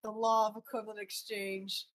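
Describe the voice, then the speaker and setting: A woman's voice: medium pitch, little pitch movement, normal speed, very noisy. A woman chatting casually with a streamer on a call, giggly and playfully teasing. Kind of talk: casual chat.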